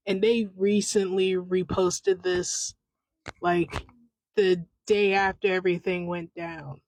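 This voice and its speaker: A woman in her thirties riffs without a script, her thoughts tumbling out in loose, restarting sentences. She speaks at an unhurried pace into a close home microphone with a completely dry sound. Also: medium pitch, steady tone, darkish tone, no room sound, low-quality recording. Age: 30s. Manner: rambling, stream-of-consciousness, frequent restarts. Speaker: podcast host. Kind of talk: unscripted casual commentary.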